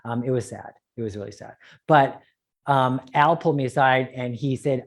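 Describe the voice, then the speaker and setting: A man lecturing on eye treatments at a conference, animated and joking, with quick asides. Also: medium pitch. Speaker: optometrist lecturer.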